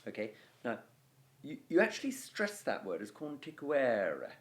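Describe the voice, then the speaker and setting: A man's voice: medium pitch, sing-song, moderate pace. A middle-aged man with an English accent, teaching Latin verse scansion in a patient, explanatory video lesson. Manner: patient, explanatory, fond of chanting rhythm syllables.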